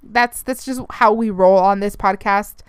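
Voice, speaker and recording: Young female podcast host, rambling and swearing, drops in Spanish phrases, smooth voice, dry close sound. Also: medium pitch, steady tone, unhurried, dry recording. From Arizona, United States. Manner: chatty and rambling, swears, mixes in Spanish phrases, laughs often. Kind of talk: casual solo podcast rant.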